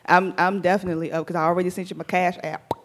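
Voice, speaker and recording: A woman co-hosting a casual chat, talking candidly and with lots of swearing, animated as she tells stories. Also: on the low side, quick pace. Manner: candid, profane, animated storytelling. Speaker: podcast co-host.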